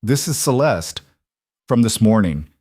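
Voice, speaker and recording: A man's voice: on the low side, expressive, unhurried, a little mellow, breathy edge, no room sound, studio quality. A man reading the lines of a composed, mysterious wealthy woman in brief, guarded replies. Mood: calm.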